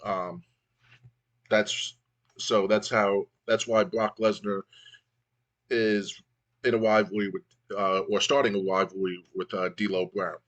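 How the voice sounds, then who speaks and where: A man's voice: lowish voice, level tone, slow, pauses often, lo-fi sound. A man casually narrating a wrestling game playthrough. He rambles, with many fillers and restarts.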